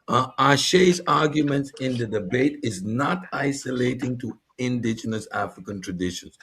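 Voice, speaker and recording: A man's voice: medium pitch, moderate pace, few pauses, a bit bright, slight background noise. A man co-hosting a casual commentary talk, arguing his points emphatically. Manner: argumentative, emphatic. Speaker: co-host.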